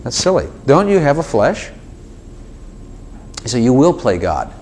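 Unhurried and mid-pitched, this man's voice carries a slight background hiss. As a preacher delivering a casual sermon to a small gathering, he addresses people directly with lively energy, frequent asides, and short performed exchanges.

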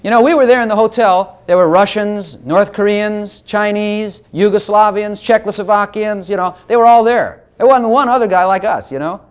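A man's voice: high-pitched, moderate pace, few pauses, clear, resonant tone. A man preaching a sermon, joking between passages of scripture he reads aloud. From Texas.

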